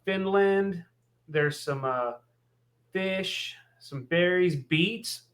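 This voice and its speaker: A man with a fairly high voice co-hosts a laid-back podcast chat. He rambles comfortably through anecdotes and scattered observations, leaning heavily on "like" and "you know.". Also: very slow. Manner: easygoing, rambling storyteller with frequent "like". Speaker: podcast co-host. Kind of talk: casual chat.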